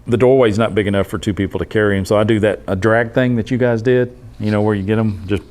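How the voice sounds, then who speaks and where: A man, an EMT instructor telling a case story to his class in a blunt, animated way. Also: lowish voice, fast. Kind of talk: storytelling lecture.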